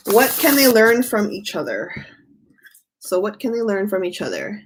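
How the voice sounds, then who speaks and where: A woman's voice: mid-range voice, sing-song, normal speed, noisy background. A woman doing a live-stream tarot reading, chatty and given to laughing as she talks. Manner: chatty, laughs often, reads chat aloud.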